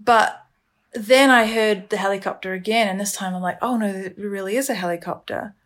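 Woman retelling an ordeal, halting. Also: mid-range voice, fairly bright tone. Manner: halting, emotional, many restarts. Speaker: storyteller recounting her ordeal. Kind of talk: candid first-person podcast testimony.

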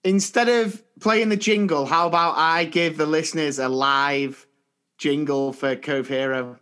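Male podcast co-host, high voice, unhurried teasing banter. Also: steady tone, a bit bright, clear, resonant tone. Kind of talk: casual chat.

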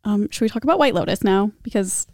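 A young woman co-hosting a podcast in loose, casual chat. She rambles and stacks fillers as she goes. Her voice sits mid-pitch, and the recording is dry and close. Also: fast talker, darkish tone, no room sound. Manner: chatty, rambling, many fillers and gasps. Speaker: podcast co-host.

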